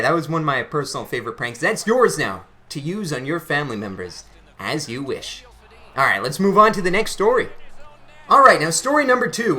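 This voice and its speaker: A man's voice: on the high side, sharp tone. A young man hosting his channel, chatting casually and laughing at his own stories. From Canada. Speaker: channel host. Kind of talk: casual storytelling to camera.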